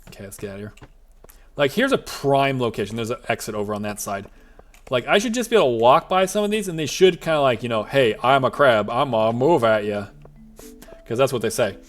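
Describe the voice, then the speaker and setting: A man's voice: medium pitch, sing-song, quick pace, faint music behind. A man streaming a farming game live, chatting to himself in a rambling, jokey way with lots of side tangents. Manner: rambling, jokey, self-talking asides. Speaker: VTuber streamer. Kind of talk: live-streamed gameplay commentary.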